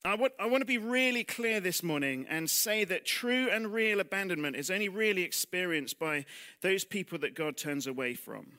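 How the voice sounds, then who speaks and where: A man's voice: sits high, expressive, moderate pace, sharp tone. A man preaching a sermon in church, talking conversationally with rhetorical questions and self-deprecating asides, dropping almost to a whisper on heavy lines.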